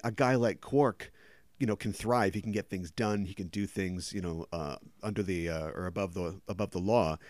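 A man's voice: lowish voice, a little mellow, no echo. A man hosting a casual podcast chat, talking at length and explaining background details. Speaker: podcast host.

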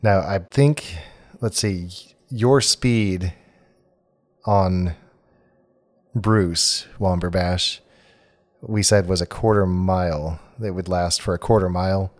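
A man running a tabletop game as game master, narrating scenes in a calm, descriptive way. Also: low voice, slow pace, long pauses, no room sound.

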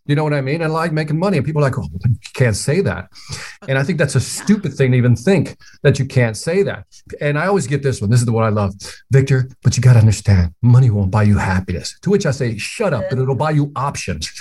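A man's voice: medium pitch, fast talker, dark tone. A man talking as a podcast guest in casual, emphatic and opinionated chat, laughing easily.

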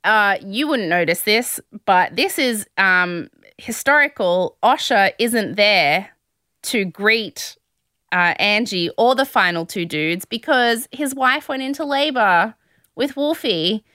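A woman hosting a podcast, chatting animatedly through a reality show recap with quick asides. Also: medium pitch, expressive, pushed and bright, no echo, studio quality. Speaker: podcast host.

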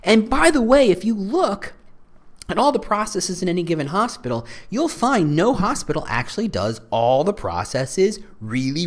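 A man hosting a solo podcast, talking in a joking, rambling, self-deprecating way. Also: a little high. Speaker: podcast host.

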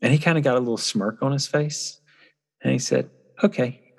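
A man's voice: medium pitch, fairly even intonation, brisk, creaky, husky. A man speaking reflectively and earnestly in casual conversation, often restarting his sentences as he tells a personal story. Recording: long hall reverb.

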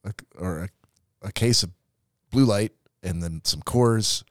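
A man's voice: lowish voice, unhurried, no echo, studio quality. A man hosting a podcast, chatting casually over drinks with a wry, teasing and profane manner. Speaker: podcast host. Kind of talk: casual banter.

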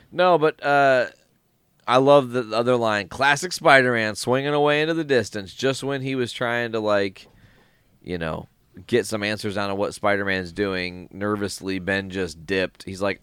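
A man's voice: medium pitch, normal speed, clean tone, no room sound, studio quality. Laid-back man in casual chat. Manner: animated, profane, acts out quotes. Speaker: podcast host.

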